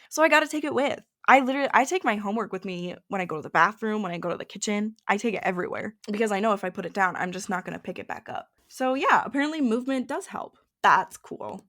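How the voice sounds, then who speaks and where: Chatty young woman podcaster. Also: medium pitch. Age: young adult. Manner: chatty, rambling, giggly, self-interrupting. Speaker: podcast host. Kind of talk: casual solo podcast, googling and reacting.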